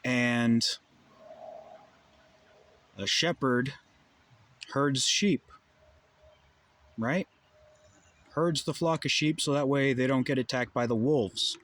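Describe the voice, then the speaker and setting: A man's voice: medium pitch, slow, pauses often, a bit bright. A young adult man delivering a heated, profane monologue full of rhetorical questions. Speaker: vlogger. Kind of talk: ranting monologue.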